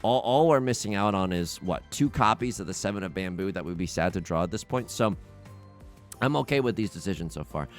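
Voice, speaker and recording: A young man talks casually over a game, his pitch jumping up and down as he tells stories and breaks off mid-sentence to restart. He laughs at his own jokes and slides between anecdotes and play-by-play. Faint music plays underneath. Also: animated, a little fast. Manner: rambling storyteller, self-interrupting, laughs at his own stories. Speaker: let's play host. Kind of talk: casual gameplay commentary.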